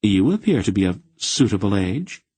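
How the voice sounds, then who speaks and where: A man's voice: on the low side, big pitch swings, normal speed, darkish tone, husky, no echo. A man voicing a sly, commanding aunt. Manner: sweetly scheming, slightly sly. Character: wry, commanding older woman guardian.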